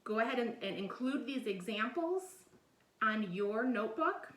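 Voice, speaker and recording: A woman's voice: fairly high pitch, lively intonation, normal speed, fairly bright tone, recorded from a distance, slight background noise. A woman teacher giving a recorded video lesson, explaining patiently step by step and often checking in with "all right?". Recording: echoey room, voice a bit off-mic.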